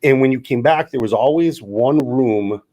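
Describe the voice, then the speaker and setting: Man, about fifty, podcast co-host, casual storytelling, acts out quoted lines, mid-pitched voice. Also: moderate pace, warm tone. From Wisconsin. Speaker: podcast co-host, former college lineman.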